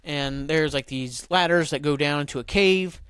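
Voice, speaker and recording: A man's voice: a little high, normal speed, a bit bright, smooth, dry recording. A man hosting his own podcast, recapping in a loose, rambling way with lots of fillers and swearing. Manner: rambling and profane, heavy on "like" and "um". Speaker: podcast host. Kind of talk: casual solo podcast recap.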